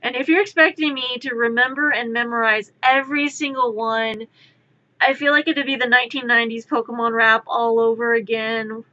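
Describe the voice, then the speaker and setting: A young woman streamer chatting casually, rambling into animated storytelling. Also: on the high side, normal speed, muffled recording. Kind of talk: casual chat while drawing. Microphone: streaming mic.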